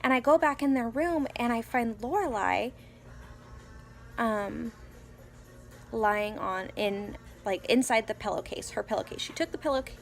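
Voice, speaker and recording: A young mother talks at home in a somewhat high voice, rambling through a story with lots of fillers and restarts. Faint music plays in the background. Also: a little slow, gravelly, long pauses. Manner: quotes her child in a soft whisper. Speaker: mother of three young children. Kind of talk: casual vlog storytelling. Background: faint music playing.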